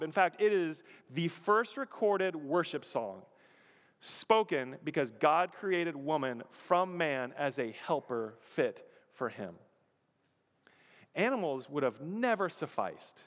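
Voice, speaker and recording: Guy pastor preaching, lively, acts out lines, asks the crowd stuff, echoey hall. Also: medium pitch. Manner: animated, acts out quotes, asks the audience questions. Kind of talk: sermon.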